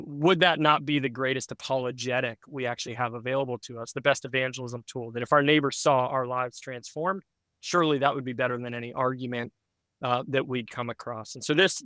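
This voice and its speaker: A pastor speaking as a podcast guest, telling a story in an earnest, reflective way with frequent fillers. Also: male voice, medium pitch, a bit bright, smooth, no echo.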